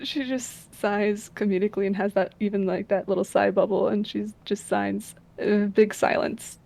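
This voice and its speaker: A woman's voice: mid-range voice, steady tone, moderate pace, gravelly, a little mellow. A woman player in a tabletop game, describing her character's reactions with wry humor. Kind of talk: tabletop role-play chat.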